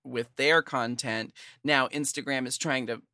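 A man's voice: mid-range voice, steady tone, unhurried, pushed and bright, dry recording, clean studio sound. A man hosting a podcast in casual chat, talking loosely with many fillers and frequent laughs. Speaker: podcast host.

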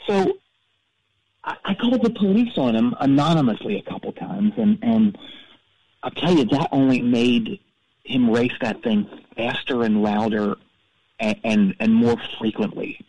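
A man's voice: medium pitch, lively intonation, unhurried, darkish tone, muffled recording. A man playing a self-absorbed radio DJ who calls in to a comedy show, telling a long rambling story full of stammered restarts. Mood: deadpan. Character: vain male radio DJ, cold and self-absorbed. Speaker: caller. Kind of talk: comedic call-in character bit.

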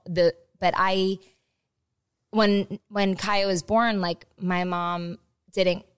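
A woman's voice: lowish voice, clean tone. A woman guest on a podcast, chatting candidly, laughing often and swearing freely. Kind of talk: casual chat.

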